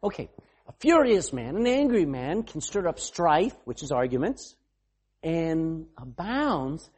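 A man preaching a sermon, calling on members to read and questioning the congregation, sometimes bursting into a shout. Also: a little high, very animated, a little slow, breathy edge. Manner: calls on readers and questions the congregation. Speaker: pastor.

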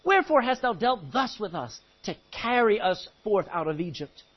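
Male pastor, sermon, husky delivery, lively swings in pitch, muffled lo-fi sound. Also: moderate pace. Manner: reads scripture then preaches with sudden loud outbursts. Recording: muffled lo-fi recording.

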